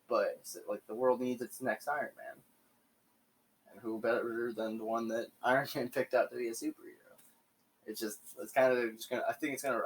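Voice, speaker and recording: A man's voice: medium pitch, recorded from a distance, a little hiss or hum, poor audio. A young man hosting his own video, talking casually into a home mic and rambling with lots of fillers and restarts. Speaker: video host. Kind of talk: casual solo commentary. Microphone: home microphone.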